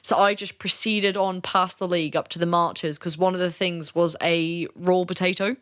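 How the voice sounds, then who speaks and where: Speaking at an ordinary pace in a fairly low voice, this woman co-hosts a podcast and shares a story casually. Her telling is lively, with frequent laughter and plenty of swearing.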